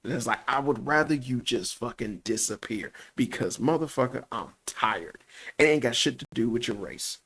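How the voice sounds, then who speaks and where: Chicago-accented male commentator, gravelly, lively pitch, swears and laughs a lot. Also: normal speed. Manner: animated, laughs often, heavy swearing. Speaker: YouTube commentator. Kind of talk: profane reaction commentary.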